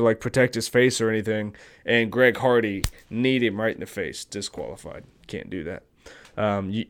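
A man's voice: medium pitch, clean tone. A man hosting a podcast, talking casually and profanely about sports with strong opinions. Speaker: podcast host.

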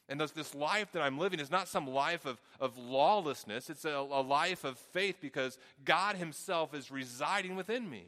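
A middle-aged male pastor with a Southern twang worn down by years in the Midwest. His voice is bright and forceful, and it rings with the long reverb of a large hall. He preaches earnestly and often repeats words as he works through a thought. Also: on the high side, expressive, moderate pace, hardly any pauses. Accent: Southern US, softened by Midwest. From American South. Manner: earnest, repeats words while thinking aloud. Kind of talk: sermon.

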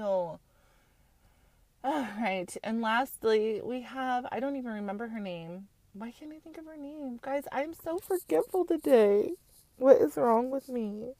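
A woman's voice: a little high, lively intonation, measured pace, a little mellow, no room sound. A young woman from Utah, chatting frankly and casually as a podcast host, with lots of fillers and blunt swearing. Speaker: podcast host recapping a reality show. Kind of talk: casual chat.

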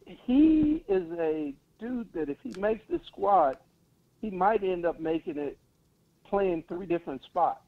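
A man's voice: sits high, expressive, a little slow, gravelly. Opinionated man on a tinny phone line. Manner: blunt, opinionated, confident. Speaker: caller. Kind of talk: casual sports call-in chat.

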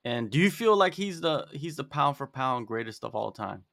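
A man's voice: mid-range voice, big pitch swings, normal speed, creaky, a bit bright, no echo, clean studio sound. A man interviewing a fighter, asking questions in a laid-back way with lots of casual fillers. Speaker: sports interviewer.

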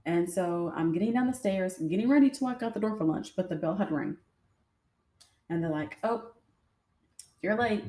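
Chatty woman telling stories, lowish mellow voice. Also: animated, a little fast. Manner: chatty, addresses listeners directly. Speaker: podcast host. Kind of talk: casual storytelling. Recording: roomy echo.

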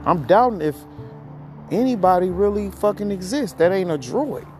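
A man's voice: high-pitched, big pitch swings, normal speed, darkish tone, soft background music. A man hosting a podcast, ranting heatedly with lots of profanity and a rambling flow, somewhat out of breath. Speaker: podcast host. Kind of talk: ranting monologue.

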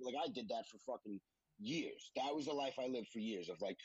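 Podcast co-host, man: husky, encouraging, on a dull, dry, muffled recording. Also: mid-range voice, expressive, fairly quick, a little mellow, no echo. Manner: encouraging, profane, heavy on "like" and "you know". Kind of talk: casual podcast chat.

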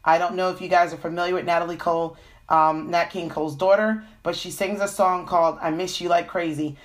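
Female tarot reader with a cold, slightly low voice, chatty and filler-heavy. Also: steady tone, brisk. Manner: chatty, frequent fillers and "okay?" check-ins. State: has a cold. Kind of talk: live-stream tarot reading.

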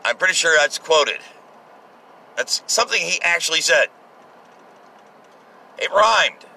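A man's voice: on the high side, animated, a little slow, gravelly, pushed and bright, a little hiss or hum, rough recording. A man giving casual, sarcastic political commentary, ranting with profanity and exasperation.

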